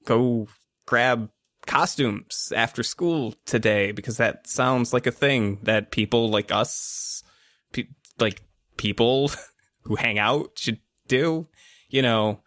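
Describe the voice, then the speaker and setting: A man's voice: medium pitch, slow, fairly bright tone, dry recording. A man voicing an awkward teenage boy who rambles and stammers nervously. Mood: flustered.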